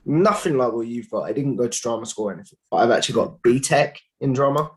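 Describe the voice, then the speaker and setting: A man's voice: medium pitch, lively intonation, fast talker. A man from Essex hosting a podcast, asking curious, friendly questions in a casual interview. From Essex, England. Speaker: podcast host.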